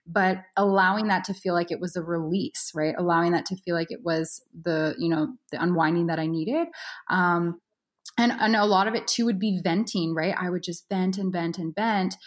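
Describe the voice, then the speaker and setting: Brief: young woman, coach being interviewed, thoughtful, chatty, mid-pitched. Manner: reflective, uses many fillers like "you know" and "right". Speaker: yoga instructor and mindset coach. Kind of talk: casual interview conversation.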